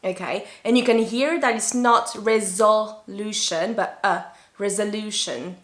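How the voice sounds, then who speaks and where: A woman from France, a native French speaker, teaching an English lesson to learners, repeating key words slowly and deliberately. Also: fairly high pitch, fairly bright tone, echoey room.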